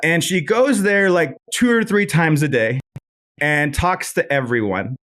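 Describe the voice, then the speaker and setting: A man hosting a podcast, telling casual, profane, animated anecdotes. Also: on the high side, a little slow. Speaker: podcast host. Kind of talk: casual storytelling.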